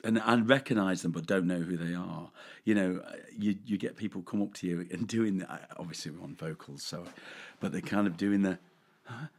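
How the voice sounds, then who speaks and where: A middle-aged man, chatting casually on a podcast. His voice sits low, and he tells his stories in a loose, rambling way. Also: fairly quick, hardly any pauses. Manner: chatty storyteller who acts out fans in put-on voices. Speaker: podcast co-host, tribute singer. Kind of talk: casual chat.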